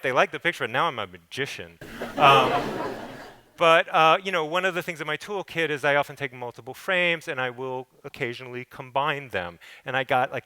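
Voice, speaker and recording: A man's voice: mid-range voice, sharp tone, no echo. A middle-aged man, a photographer, telling loose, casual stories in an artist talk on a stage, swearing and acting out quotes. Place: theater stage.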